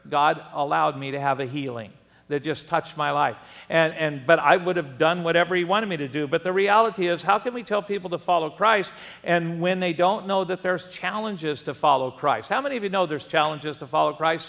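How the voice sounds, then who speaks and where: An older man preaching a sermon, his voice fairly high for a man and full of animated swings. He tells stories with laughing asides. A long reverb of a church hall trails each phrase. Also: moderate pace, vocal fry. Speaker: pastor.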